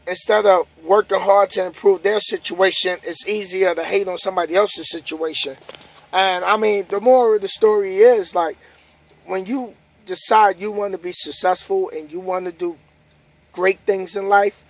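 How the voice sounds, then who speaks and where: Tired high-voiced man giving pep talk. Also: no room sound. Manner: casual, repetitive, preachy, building up emphasis. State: tired, yawning. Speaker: trucker vlogger. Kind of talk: motivational monologue to camera.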